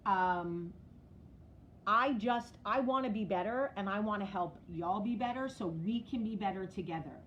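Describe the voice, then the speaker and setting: A woman's voice: medium pitch, lo-fi sound, slight background noise. A middle-aged woman with a New Jersey accent hosting a casual live stream, blunt and profane, talking straight to commenters by name. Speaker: vlog host.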